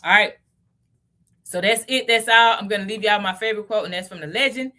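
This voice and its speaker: A woman's voice: mid-range voice, brisk, bright, forceful tone. A Southern woman from Tennessee, around her thirties, hosting a casual crypto livestream, chatty and often checking in with "okay?" and "y'all".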